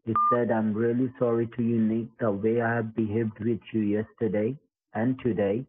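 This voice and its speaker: A man on a scam call speaking calmly and quietly, placating the caller. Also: fairly low pitch, normal speed, noisy background. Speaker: scam caller posing as employee. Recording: tinny phone line.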